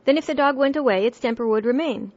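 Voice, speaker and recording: A woman voicing a bossy, stern queen in a storybook reading, sharp and emphatic, on a dull lo-fi recording. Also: on the high side, a little fast, close to an everyday voice.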